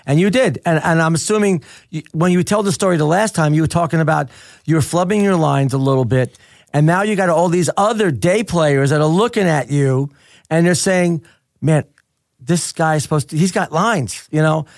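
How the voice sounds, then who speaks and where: A man's voice: a little high, brisk, no room sound, clean studio sound. A man hosting an interview, chatty and self-deprecating. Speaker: host. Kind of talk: casual interview talk.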